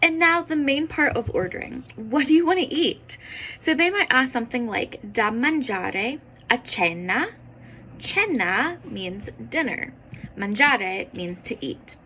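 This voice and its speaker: A woman teaching a beginner Italian lesson, explaining words in English and sounding out each Italian word slowly and carefully. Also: on the high side, expressive, pushed and bright, a little hiss or hum, rough recording. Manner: slow careful pronunciation of foreign words.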